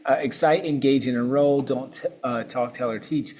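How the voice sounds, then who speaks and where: A man hosting a podcast in a relaxed, casual manner. He responds agreeably to his guest, with a voice at an ordinary middle pitch. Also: moderate pace. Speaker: podcast host.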